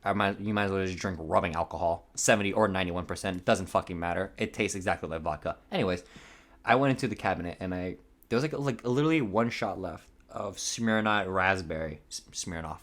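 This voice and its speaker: Rambling, profane young man, lowish voice. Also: quick pace. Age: around 20. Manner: rambling, profane, nervous with voice cracks. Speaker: podcast host. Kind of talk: casual confessional monologue.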